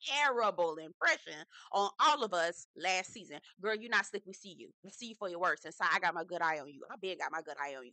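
A woman's voice: medium pitch, pushed and bright, dry recording. A woman hosting her own casual TV review vlog, chatty and slangy, with emphatic asides to her viewers. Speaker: host.

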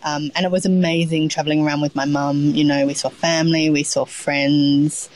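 A woman's voice: low-pitched, little pitch movement, normal speed, a little mellow, poor audio. A middle-aged Australian woman, a chef being interviewed, talking in a rambling, casual way with many ums and restarts. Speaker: chef, guest.

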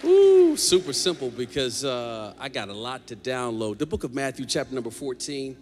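A man preaching a lively sermon as pastor, joking with the congregation in a large church. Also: medium pitch, moderate pace, slight background noise. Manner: animated preaching, jokes with the congregation. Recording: long hall reverb.

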